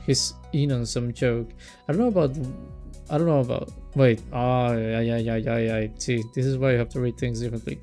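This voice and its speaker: A man's voice: mid-range voice, steady tone, fairly quick, dark tone, soft background music. A young man reading a visual novel aloud as a let's play, rereading lines that trip him up and breaking off for casual remarks.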